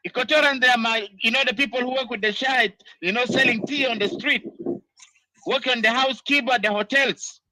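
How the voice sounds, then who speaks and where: A diaspora political commentator from South Sudan delivers an angry, ranting monologue in a very high, piercingly bright voice. He scolds while repeatedly circling back with "you know," and the recording is completely dry with no room echo.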